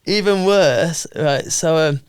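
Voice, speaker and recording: A man, a comedian and compere, telling stage stories in a casual podcast chat with lively acted asides. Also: takes it slowly, smooth, no room sound, studio quality. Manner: animated storyteller, jumps into high acted voices.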